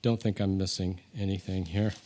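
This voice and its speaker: A man preaching a sermon, conversational with asides, rising in pitch and volume when he reads scripture aloud. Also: level tone, normal speed, warm tone. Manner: conversational with asides and self-deprecating humor. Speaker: pastor.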